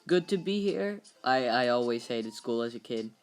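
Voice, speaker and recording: A man voicing a troubled, lonely male aspiring comedian in a parody dub of a film script, with a halting, stammering delivery. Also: mid-range voice, expressive, soft background music, natural voice. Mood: awkward joking.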